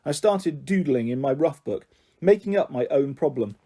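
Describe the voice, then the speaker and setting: Male storyteller for a children's novel; calm, even, mellow delivery. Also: medium pitch, moderate pace, husky. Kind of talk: reading a children's novel aloud.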